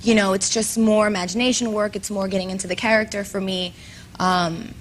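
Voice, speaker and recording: Rambling Puerto Rican actress guest, chatty, mid-pitched, faint hum behind. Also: female voice, fairly even intonation, a little fast. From Puerto Rico. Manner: chatty, rambling, many fillers. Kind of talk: talk show interview. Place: TV studio.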